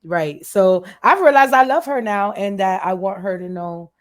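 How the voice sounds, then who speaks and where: A woman's voice: mid-range voice, normal speed. A woman guest in a candid interview, talking earnestly and emotionally and repeating phrases for emphasis.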